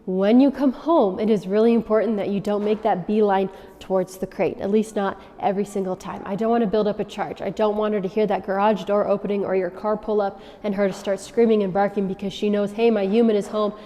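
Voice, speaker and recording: A woman dog trainer giving instructions to dog owners, often checking in with a quick "okay?". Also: medium pitch, fairly even intonation, dark tone. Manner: coaching, checks in with frequent "okay?". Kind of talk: instructional demonstration. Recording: long reverb.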